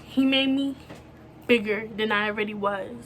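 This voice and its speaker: A young woman talking to camera about a close friend, speaking softly and haltingly with many fillers. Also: mid-range voice, background noise. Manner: soft, halting, full of fillers like "you know". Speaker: vlogger. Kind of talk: emotional personal talk to camera.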